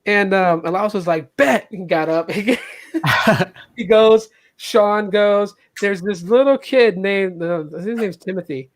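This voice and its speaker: A man with an animated way of telling a story, who acts out the people he quotes. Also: slow, no echo. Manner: animated, acts out quotes with jumps in pitch and loudness. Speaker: podcast host. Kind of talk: casual storytelling.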